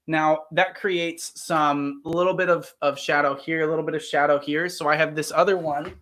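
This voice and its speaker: A man's voice: a little high, a bit bright. A man hosting a live stream, casually explaining and demonstrating a lighting setup from his home room. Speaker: host. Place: home room with bookshelf and blank wall.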